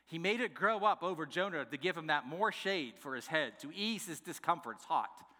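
A man preaching a sermon in a casual, animated way, acting out scripture, recorded in a church sanctuary. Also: fairly high pitch, moderate pace. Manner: animated, conversational, acts out scripture. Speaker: pastor. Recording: long echoing hall reverb.

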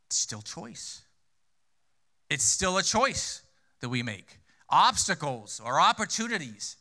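Guy preaching a sermon, really bright ringing voice, kinda high, keeps asking "right?". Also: very animated, takes it slowly. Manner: conversational preaching with frequent rhetorical questions; repeats key phrases for emphasis. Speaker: pastor.

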